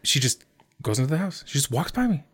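A man telling an animated, sweary anecdote in casual podcast chat. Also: medium pitch, fast talker, slightly rough. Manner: animated, swearing, laughing, mimics others in quotes. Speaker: podcast host.

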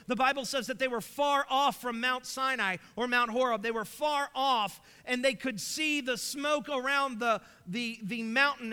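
Male preacher with a bright, sharp tone. Emphatic sermon delivery, recorded in a reverberant hall. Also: very high-pitched, smooth. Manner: emphatic, asks rhetorical questions.

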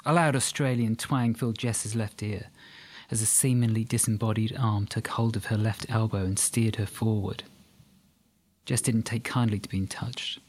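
A man narrating an audiobook in an even, measured reading. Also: lowish voice, no echo.

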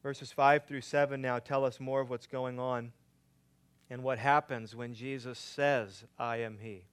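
A man preaching a sermon, swinging between loud emphatic lines and quiet hushed ones. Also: mid-range voice, fairly even intonation, measured pace, smooth. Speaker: pastor.

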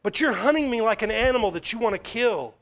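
Brief: preacher putting on a humble, pleading young man, voice pitched up high, earnest and self-abasing. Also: lively intonation, quick pace, a bit bright.

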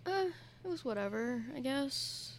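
A woman's voice: high-pitched, animated, measured pace. A young woman co-hosting a casual chat, blunt and a little sarcastic. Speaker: co-host.

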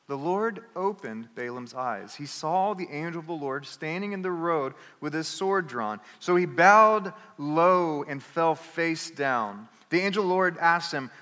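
A man preaching a sermon as pastor, telling a story in an animated way and acting out the characters. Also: a little high, normal speed, few pauses, in a large hall. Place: church.

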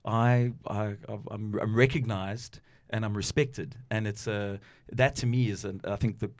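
A middle-aged radio DJ from South Africa chatting in an interview, animated and quick to laugh, telling stories with lively asides. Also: male voice, fairly low pitch. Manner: animated storyteller who slips into put-on voices and laughs often. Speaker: radio DJ and guest. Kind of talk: casual interview chat.

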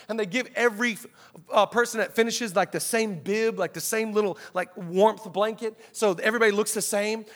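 A male pastor preaching an energetic sermon, telling stories and rousing the congregation with call-outs. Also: high voice. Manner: animated storytelling, rousing the church with call-outs. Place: church auditorium.

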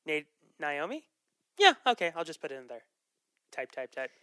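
A podcast host chatting casually about films, loose and digressive with frequent laughs and ums. The voice is bright and smooth, recorded dry and close with no room sound. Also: medium pitch, sing-song, normal speed, no echo. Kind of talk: casual movie chat.

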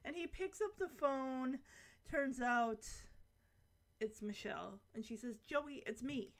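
A woman's voice: high voice, lively intonation, slow pace. A young woman recapping a sitcom episode in casual, rambling chat with giggly asides.

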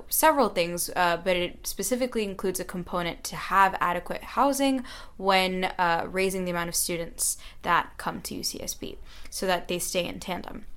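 A woman's voice: fairly low pitch, fairly bright tone. Young woman student on a radio interview, chatty and earnest, lots of ums and likes. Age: young adult. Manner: earnest, chatty, frequent fillers. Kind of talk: radio interview, casual storytelling.

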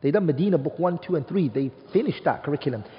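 Emphatic male lecturer, slightly high voice, from the UK, in a dull reverberant classroom recording. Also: lively intonation, fast. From United Kingdom. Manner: emphatic, asks the class rhetorical questions; mixes Arabic terms into English speech. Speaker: teacher of an Arabic studies class.

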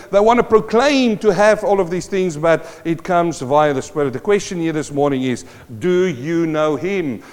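A male preacher delivers a sermon in a fairly high voice, reading scripture and then pressing his points with growing force. His voice carries a long reverb, as if he were recorded in a large hall. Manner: emphatic, quotes scripture and builds in intensity.

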